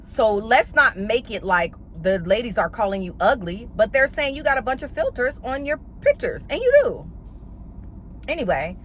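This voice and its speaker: A woman's voice: fairly high pitch, normal speed, slight background noise. A woman giving a casual, blunt and profane recap of a reality TV episode, full of sassy slang. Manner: animated, with playful slang.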